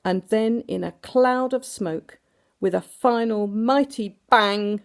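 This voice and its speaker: A woman reading a storybook aloud to children in an animated way, doing sound effects and asking the listeners questions. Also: fairly high pitch, slow.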